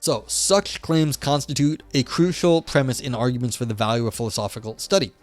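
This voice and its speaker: A young man hosting a live stream reads a philosophy paper aloud in a mid-range, steady voice that runs a little fast and has a darkish tone, with no echo. He breaks off now and then for wry, skeptical, offhand commentary.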